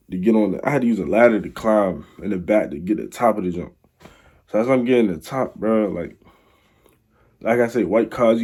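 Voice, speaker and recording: A man's voice: fairly low pitch, dark tone, husky. A young man telling a rambling, slang-filled story in a casual storytime vlog. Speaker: vlogger.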